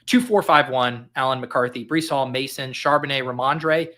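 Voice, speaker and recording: Bright-voiced man hosting a podcast. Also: medium pitch, normal speed. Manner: rattles off lists of names and numbers, jokey storyteller. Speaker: podcast host. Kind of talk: casual podcast chat during a fantasy football draft.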